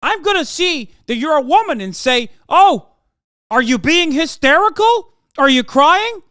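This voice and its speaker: A man putting on a whiny, exaggerated caricature of a male pundit, squealing and near-shouting in mockery. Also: extremely high pitch, big pitch swings, unhurried, dry recording, studio quality, voice pushed up, exaggerated voice. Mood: mocking, sneering.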